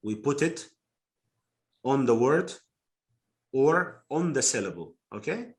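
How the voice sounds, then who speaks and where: A male phonetics teacher explaining slowly to a class, with many fillers and repeated words. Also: mid-range voice, expressive. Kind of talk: live online class teaching.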